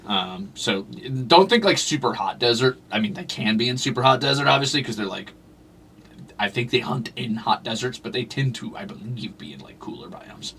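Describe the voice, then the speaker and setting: A man streams a game, rambling casually and chatting with his viewers and his cats. His medium-pitched voice is animated, gravelly and a bit bright, at a moderate pace. He's recorded from a distance, with a little hiss or hum.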